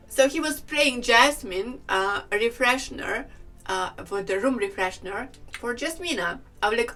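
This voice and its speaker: Middle-aged lady vlogger, slightly high voice, faint music behind, laughs a lot. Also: moderate pace, pushed and bright, distant mic. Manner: chatty, laughs often, acts out quoted people. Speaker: vlogger, hair and wig specialist. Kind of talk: casual storytelling to camera.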